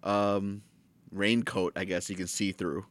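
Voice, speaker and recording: A man with a fairly low voice chats about a movie in a loose, joking way. He rambles through his descriptions. The sound is dry and close. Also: level tone, a little slow, no echo. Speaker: podcast co-host. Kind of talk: casual movie discussion chat.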